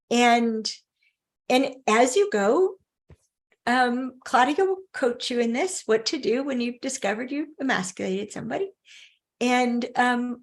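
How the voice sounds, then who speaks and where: Woman teacher, fairly high voice, animated storyteller who laughs mid-sentence and restarts often. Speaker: relationship teacher. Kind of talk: storytelling talk to a class.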